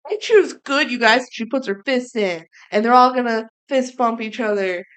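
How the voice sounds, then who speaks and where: A woman co-host with a slightly high voice, recapping a movie in loose, lively chat. She keeps slipping into quick impressions of the characters' lines. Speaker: podcast co-host.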